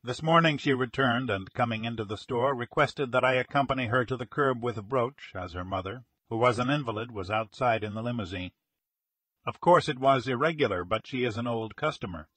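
A man's voice: mid-range voice, fairly bright tone, slightly rough, dry recording. A man reading as an earnest young salesman. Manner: earnest, insistent, formal. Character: earnest young male jewelry salesman, shaken. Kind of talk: audiobook character reading.

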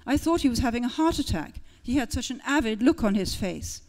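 A woman author reading her own first-person fiction aloud at a literary event, with lively, expressive storytelling that shifts tone for different characters. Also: a little high, fairly quick.

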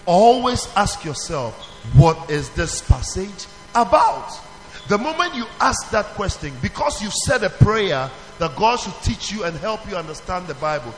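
A man with a high voice leads a children's church through its lessons, firing questions and waiting for the answers. He calls on the group again and again. The sound carries a long reverb from a large hall. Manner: animated, questioning the audience, calling for answers. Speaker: pastor teaching children. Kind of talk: call-and-response teaching to a children's church.

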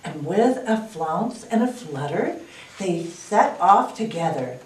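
A woman librarian reads a picture book aloud at a slow, unhurried pace. Her voice rises and falls lively, inviting the children to say the phrase with her. She sounds distant in a roomy, echoey space. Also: fairly low pitch. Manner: lively, expressive read-aloud, inviting kids to join in.

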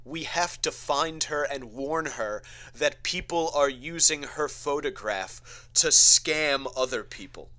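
A man's voice: a little high, slow, pushed and bright. A man voicing a deluded, lovesick American man who insists earnestly that his online love is real. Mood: insistent.

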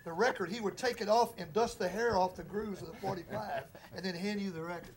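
Fast-talking musician man. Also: sits high, a crowd in the background. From Texas. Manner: rapid, animated storyteller with a loose drawl. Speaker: musician guest. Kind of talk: casual storytelling interview.

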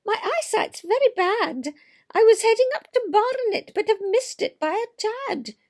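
A woman doing a squeaky timid little mole. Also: expressive, measured pace, darkish tone.

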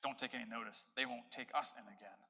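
A man's voice: mid-range voice, steady tone, fast talker, creaky, husky, long reverb tail, exaggerated voice, rough recording. A man voicing a surly, scornful male dwarf in a read-aloud story. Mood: suspicious. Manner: scornful, shouting.

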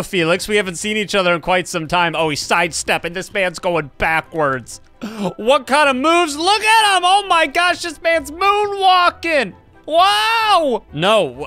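A man giving excitable let's-play commentary as a gaming channel host, laughing often and trash-talking other players. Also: very high-pitched.

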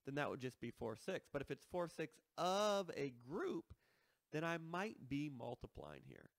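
A man's voice: a little high, creaky, dry recording. A man teaching a math lesson, explaining step by step and checking in with listeners as he works through problems.

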